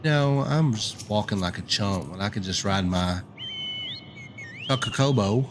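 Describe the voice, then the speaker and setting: A man's voice: fairly low pitch, animated, unhurried, background noise. A man streaming a game, giving casual gameplay commentary with chatty, self-deprecating asides.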